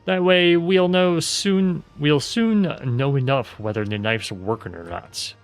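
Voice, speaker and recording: A man voicing a tipsy, boastful rustic craftsman in a game, with folksy dialect and a drawn-out, theatrical delivery. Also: on the high side, faint music behind. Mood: musing.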